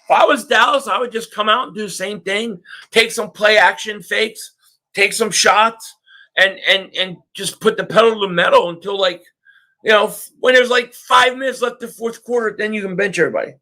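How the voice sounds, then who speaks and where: A man hosting a live sports reaction stream, ranting excitably and often shouting at the game. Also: high voice, moderate pace. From Philadelphia area.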